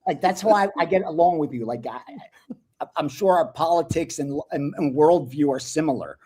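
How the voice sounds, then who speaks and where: A man giving sports betting picks in casual talk, blunt and animated, swearing freely. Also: fairly high pitch, moderate pace.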